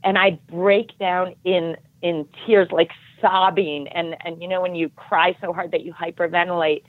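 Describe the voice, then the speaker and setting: Podcast guest, middle-aged woman, earnest storyteller, lowish voice, muffled dry sound. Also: normal speed, dry recording. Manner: earnest, animated storytelling with acted-out quotes. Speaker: podcast guest, triathlon coach.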